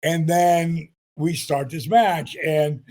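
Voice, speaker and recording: A man in his sixties, a retired wrestler being interviewed, telling animated stories. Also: a little high, slow pace. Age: 60s. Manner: animated anecdotes, acts out quotes. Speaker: guest, retired pro wrestler. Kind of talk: storytelling interview.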